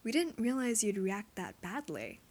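A woman voicing a male hockey teammate who speaks quietly and sincerely. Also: mid-range voice, wildly swooping pitch, normal speed.

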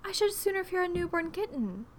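Woman doing a shy gentle young lady, soft polite delivery, lilting pitch. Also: sing-song, fairly quick, slight background noise. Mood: earnest.

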